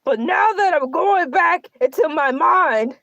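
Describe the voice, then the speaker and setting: A woman's voice: extremely high pitch, expressive, measured pace, a bit bright, dry recording, lo-fi sound, heavily acted. A woman voicing a boastful, self-pitying male shark who hosts a comedic livestream and rambles through melodramatic complaints. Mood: determined. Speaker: livestream show host in character. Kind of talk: comedic character livestream monologue.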